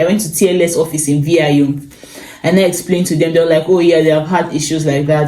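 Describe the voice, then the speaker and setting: A young Nigerian woman with a Nigerian accent, telling a personal story in a casual, animated vlog full of exclamations and repeats. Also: lowish voice, reverberant. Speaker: vlogger. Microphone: phone.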